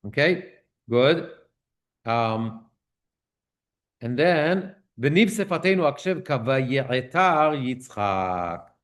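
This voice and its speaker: A man's voice: medium pitch, lively intonation, unhurried. A man teaching a synagogue class on prayer, explaining one term at a time in a conversational lecture. He often checks in with "okay?" and restarts phrases as he translates.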